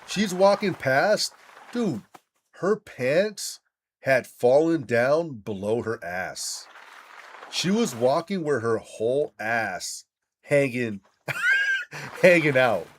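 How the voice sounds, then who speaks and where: A man's voice: mid-range voice, huge pitch swings, slow pace, pauses often, a bit bright, a little hiss or hum. A young man casually telling a rambling, profane story while gaming, laughing often and restarting his sentences. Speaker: gamer streaming with friends.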